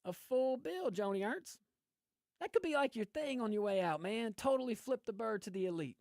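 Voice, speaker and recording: A man's voice: sits high, moderate pace, dry recording, studio quality. A man hosting political commentary, ranting with lots of laughs. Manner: animated, ranting, laughs often. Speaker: host.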